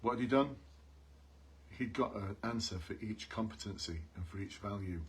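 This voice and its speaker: There's slight background noise as a man with a lowish voice, talking at a normal speed, coaches police job candidates on a live stream. Earnest and repetitive, he reiterates key ideas and calls out to his viewers.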